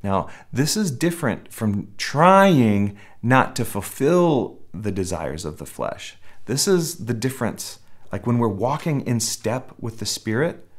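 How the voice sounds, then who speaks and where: A man preaching a sermon in a conversational way, often restarting phrases and acting out little quotes. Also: medium pitch. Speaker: pastor.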